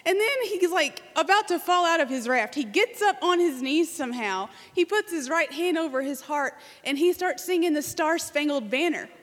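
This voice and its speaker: A woman's voice: high voice, a bit bright. A woman from Arkansas, a guest speaker in a church, telling an earnest story and leading prayer. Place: church sanctuary. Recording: church hall reverb.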